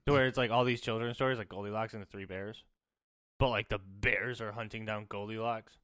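A man co-hosting a podcast in casual chat, animated and blunt, swearing often. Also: fairly low pitch, a little fast. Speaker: podcast co-host.

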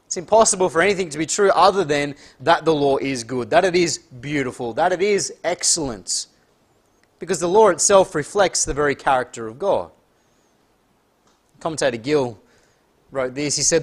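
A man preaching a sermon, reading scripture aloud in a deliberate, emphatic way and slowing down on key words. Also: a little high, animated. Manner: reads scripture aloud in King James wording.

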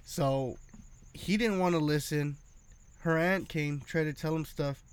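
A man's voice: on the high side, unhurried, clear, resonant tone, dry recording. A man telling stories in casual chat, swearing freely and acting out the people in them. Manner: profane animated storytelling.

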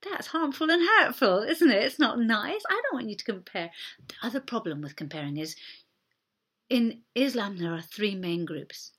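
A woman's voice: fairly high pitch, big pitch swings, moderate pace, a bit bright, slightly rough. A woman pastor giving a sermon in an earnest, conversational way, acting out short quoted exchanges.

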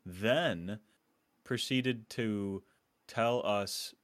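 A man telling a story in an animated way during a casual group chat, speeding up in bursts. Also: lowish voice, very slow, no room sound.

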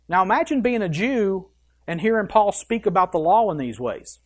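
An emphatic preacher working through scripture, reading the verses aloud and then pressing the point home. The delivery is punchy, with quick offhand asides that break into the reading. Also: mid-range voice, sing-song. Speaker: pastor. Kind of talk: sermon.

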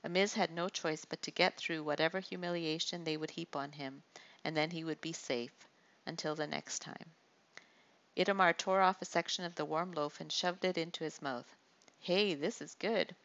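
A woman reads a story aloud in steady audiobook style. Her voice is low and gravelly, with noticeable fry. The recording sounds dull and lo-fi. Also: normal speed. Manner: steady storytelling with small slips. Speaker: narrator. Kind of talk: audiobook narration.

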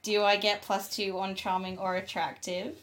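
A woman's voice: mid-range voice, little pitch movement, normal speed, fairly bright tone. Playful woman player on a call. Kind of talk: casual tabletop play. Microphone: online call.

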